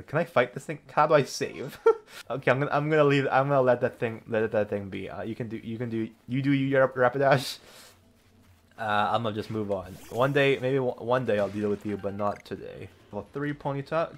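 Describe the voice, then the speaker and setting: A young man giving excitable let's-play commentary, laughing often and breaking into loud outbursts as he plays. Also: medium pitch, brisk. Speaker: gaming video creator.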